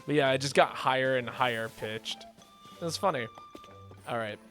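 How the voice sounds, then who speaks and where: A man's voice: medium pitch, moderate pace, a bit bright. A young man streaming a video game, giving rambling, chatty commentary full of fillers. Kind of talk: casual gaming commentary. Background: faint game music.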